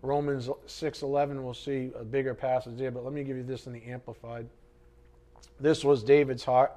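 A pastor with a mid-range voice speaks at an ordinary speed, giving a spirited, conversational sermon in which he jokes with the congregation and swings between emphatic outbursts and quieter side comments.

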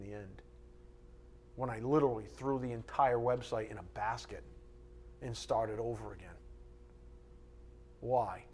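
A man's voice: on the high side, darkish tone. A male pastor preaching in a slightly raised voice. He speaks bluntly and conversationally and drops sarcastic asides between points. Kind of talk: sermon.

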